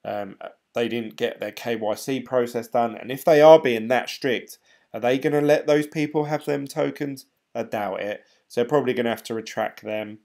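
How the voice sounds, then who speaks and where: A man's voice: medium pitch, fairly even intonation, moderate pace, vocal fry, darkish tone. A man chatting casually on a live stream, rambling and laughing often as he reads comments. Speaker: crypto vlogger reading live chat.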